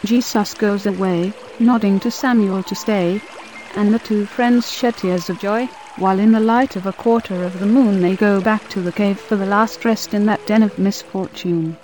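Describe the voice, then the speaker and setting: A woman's voice: mid-range voice, fairly even intonation, moderate pace, darkish tone, slight background noise, poor audio. Woman narrating solemnly. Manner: solemn, descriptive reading. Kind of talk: scripted narration.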